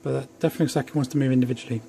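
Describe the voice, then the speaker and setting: A man's voice: medium pitch, fairly even intonation, racing, vocal fry, warm tone, husky. A young man casually reviewing an action figure at home, chatty and rambling with self-deprecating asides. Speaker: toy reviewer. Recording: faint background noise.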